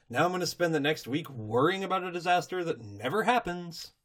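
A man's voice: fairly high pitch, big pitch swings, normal speed, a bit bright, voice pushed up. Twilight Sparkle, a fretful unicorn , as a man puts her on. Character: anxious young female unicorn pony.

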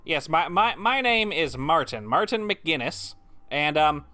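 A man's voice: a little high, sing-song, pushed and bright, no echo, full character voice. A man playing a character posing as a cult brother, stammering through a cover story. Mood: nervous. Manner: halting, fumbling cover story.

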